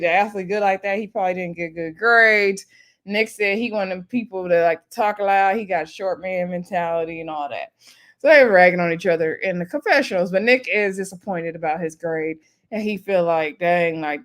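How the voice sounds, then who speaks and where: A woman casually recapping a reality show episode, laughing often and acting out what the cast said. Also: mid-range voice. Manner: chatty, laughs often, lively retelling with voiced quotes.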